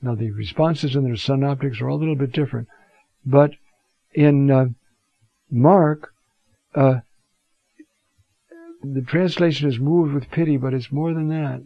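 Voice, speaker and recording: A man teaching a Bible talk, reflective and unhurried, reading scripture passages aloud with emphasis. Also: medium pitch, dry recording. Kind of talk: scripture lecture. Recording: dull lo-fi sound.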